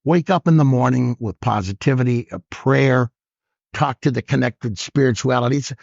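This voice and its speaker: A man in his sixties, a comedian, telling lively stories on a podcast and acting out the lines of other people. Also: medium pitch, normal speed, vocal fry, dry recording. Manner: animated storyteller who acts out other people's lines. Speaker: guest comedian. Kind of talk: storytelling interview. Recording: dull lo-fi podcast audio.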